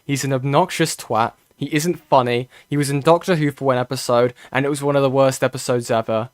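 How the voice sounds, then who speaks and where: A young British man reacts to videos on a stream in loose, rambling talk, swearing freely and tripping over his own restarts. His voice sits at an ordinary middle pitch. The sound is dry and close, with no room around it. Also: fairly even intonation, brisk, no echo. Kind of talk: casual reaction commentary.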